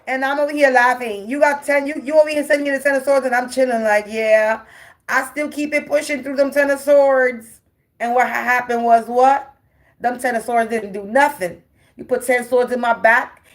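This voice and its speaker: Brash, taunting woman doing a tarot rant. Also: high-pitched. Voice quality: brash and profane. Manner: taunting, repetitive, defiant. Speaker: spiritual tarot reader. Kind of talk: spiritual tarot monologue.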